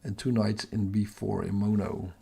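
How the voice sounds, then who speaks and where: Low-voiced man quietly hosting a stream. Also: steady tone, moderate pace, gravelly, husky. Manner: half-whispering because the house is asleep; muttering to himself over the capture software. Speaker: astrophotography livestream host. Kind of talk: live stream commentary, talking to chat. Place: home at night, by his telescope.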